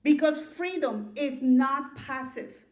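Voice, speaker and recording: A woman clergy member gives a sermon in a high, unhurried voice. She reads scripture in a measured cadence and repeats her key lines so they land. The room around her rings with a roomy echo. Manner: slow and deliberate, repeats key lines for emphasis.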